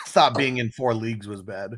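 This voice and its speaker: A man's voice: mid-range voice, moderate pace, a bit bright. A man co-hosting a casual fantasy football show, reading out viewer comments and joking about them. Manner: joking, reads out chat comments. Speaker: co-host. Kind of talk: casual podcast chat.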